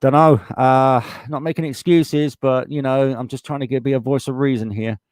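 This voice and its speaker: A man's voice: mid-range voice, steady tone, moderate pace, darkish tone, dry recording, clean studio sound. A man with a British accent hosting a live stream, reading out viewer comments in a casual, blunt way and swearing freely as he gets heated. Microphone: desktop USB microphone.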